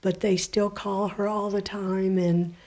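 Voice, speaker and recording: Slow, mellow-voiced woman in her 60s. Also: mid-range voice, little pitch movement. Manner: halting, with many fillers. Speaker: guest. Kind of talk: casual interview talk.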